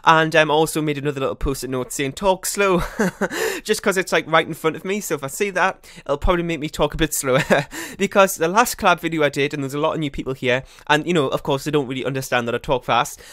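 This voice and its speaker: A man's voice: fairly high pitch, sharp tone, no echo, studio quality. A man giving casual, rambling voice-over commentary on a building game, often correcting himself. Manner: fast, rambling, self-correcting chatter. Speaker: YouTuber.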